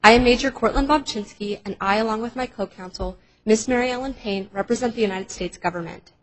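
A woman serving as government counsel, giving a formal, measured oral argument in a courtroom. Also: a little high, poor audio. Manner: measured, structured legal argument.

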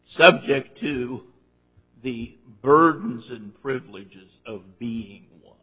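A man's voice: medium pitch, slow pace, fairly bright tone, breathy edge, in a large hall, poor audio. A man presiding as an appellate judge, pressing counsel with pointed, probing questions during oral argument in a large courtroom.

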